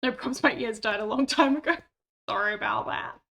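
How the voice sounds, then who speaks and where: A woman's voice: a little high, brisk, gravelly, a bit bright. A woman streaming a game, chatting casually in rambling, self-deprecating asides on a cheap microphone. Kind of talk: casual gameplay commentary. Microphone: cheap desktop microphone.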